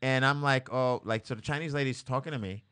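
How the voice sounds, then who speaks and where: A man's voice: mid-range voice, fast, clear, resonant tone. A man telling funny stories on a casual podcast, acting out quotes and laughing often. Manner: animated storyteller, laughs often, acts out quotes. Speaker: comedian guest. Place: studio, live-streamed.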